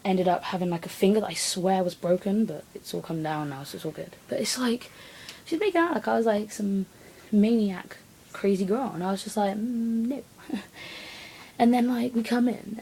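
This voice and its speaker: A teenage girl telling a long personal story to her camera, rambling and acting out other people's lines. Her voice sits a little low and sounds mellow and dark. A faint hiss of room noise sits under it. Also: vocal fry, rough recording. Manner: rambling, animated retelling with acted quotes. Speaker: vlogger. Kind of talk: casual storytelling vlog.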